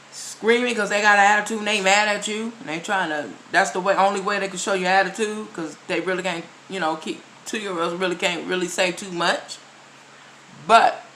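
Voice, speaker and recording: A woman's voice: medium pitch, fairly bright tone, a little hiss or hum, rough recording. A woman vlogger talking straight to her viewers in casual commentary, emphatic and repeating her key phrases as she lectures them. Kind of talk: casual direct-to-camera commentary.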